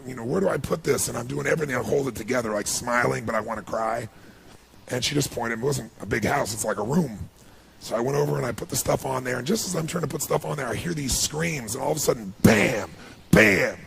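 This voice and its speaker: A middle-aged man giving a motivational speech, telling a personal story in an animated, emotional way. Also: mid-range voice, creaky. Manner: animated, emotional storytelling with rising bursts of intensity. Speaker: motivational speaker.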